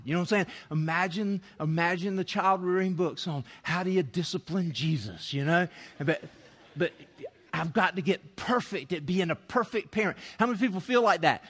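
A male preacher giving an animated sermon, acting out scripture scenes and often restarting his sentences. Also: high voice, moderate pace, big-room sound.

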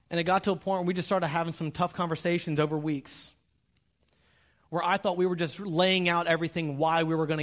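A middle-aged man, a pastor, preaching a sermon, animated and humorous, acting out bits of dialogue and speaking straight to the congregation. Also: fairly high pitch. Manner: animated, acts out quoted dialogue; humorous, direct address to the audience.

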